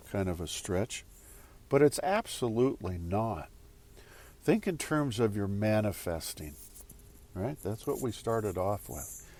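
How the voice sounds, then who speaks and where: A man giving a casual motivational talk to viewers, rambling and repeating phrases as he goes. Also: fairly low pitch. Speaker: spiritual speaker.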